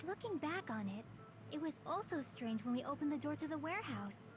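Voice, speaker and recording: An actress voicing a calm young female student in a dubbed game, methodically laying out a deduction. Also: high voice, fairly quick. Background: game music.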